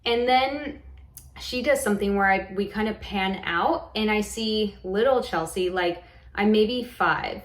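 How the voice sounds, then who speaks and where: A woman's voice: mid-range voice, roomy sound. A woman casually telling a personal story to camera, rambling, with lots of "like" and "um" and frequent restarts. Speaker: vlogger recounting a hypnosis session.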